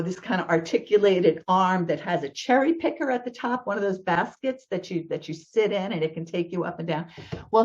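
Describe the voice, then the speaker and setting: A woman telling a personal story to an audience, vivid and emotional, her voice jumping up at tense moments. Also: lowish voice. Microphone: video call. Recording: slightly dull video call audio.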